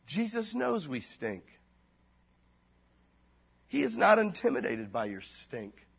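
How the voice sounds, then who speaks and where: A pastor preaching a sermon in a casual, slangy way, his voice dropping low and then rising loud. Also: huge pitch swings, slow pace, gravelly, slightly rough.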